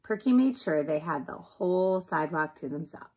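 A preschool teacher reading a picture book aloud to young children in a gentle manner. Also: female voice, low voice, animated, normal speed, slightly rough, rough recording.

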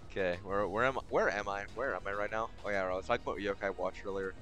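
A young man streaming a game, rambling in casual commentary, swearing often and swinging between exasperation and giddy excitement. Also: fairly low pitch, fast talker, faint music behind.

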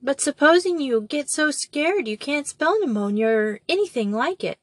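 A woman's voice: on the high side, unhurried, fairly bright tone, no room sound, voice pushed up. A woman reading a storybook and voicing an anxious, tearful nine-year-old girl in a plaintive, upset way. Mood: miserable.

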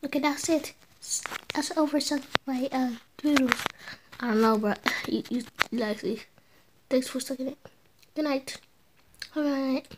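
A woman in a playful fan parody, brash and profane, jumping between character voices, loud outbursts and whispers. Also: sits high, fairly even intonation, a little slow, long pauses, background noise.

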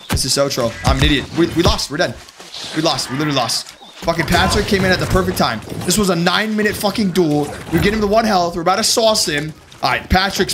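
A young man streaming a PvP game, firing off profane, hyped callouts and shouting at big plays. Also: on the high side, background noise. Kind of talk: live gameplay commentary. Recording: game music behind voice.

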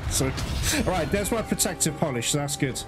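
A man giving excitable gameplay commentary, swearing often and talking straight to his viewers. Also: on the high side, a little fast. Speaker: gaming YouTuber. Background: loud game music.

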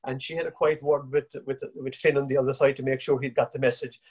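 A man with an Irish accent telling a folksy family anecdote at a relaxed, rambling pace. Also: medium pitch, fast talker, slightly rough, lo-fi sound. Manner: relaxed, rambling yarn-spinning. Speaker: storyteller.

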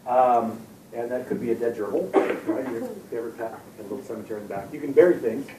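A man's voice: mid-range voice, expressive, fast talker, noisy background. A man teaching a Bible lesson to a youth group, talking casually with fillers and repeated words. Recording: echoey room, from far off.

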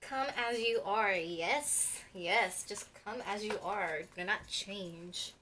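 A young woman, unboxing an album as a vlogger and gushing like an excited fan, with squeals and gasps between chatty asides. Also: mid-range voice, slow pace, slight background noise.

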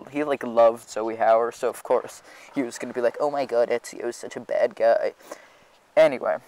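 A man's voice: medium pitch, poor audio. Rambling sarcastic teenage boy. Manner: rambling, sarcastic, keeps saying anyway. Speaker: vlogger. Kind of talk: storytime rant.

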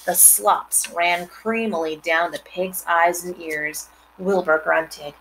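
Bright-voiced woman reading aloud. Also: fairly low pitch, takes it slowly, a little hiss or hum, low-quality recording. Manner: expressive, with chatty asides to listeners. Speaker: reader. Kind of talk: reading a children's novel aloud.

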